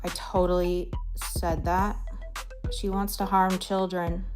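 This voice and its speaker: Slow, defiant woman on a livestream. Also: lowish voice, level tone, music in the background. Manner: defiant, unapologetic. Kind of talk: livestream commentary.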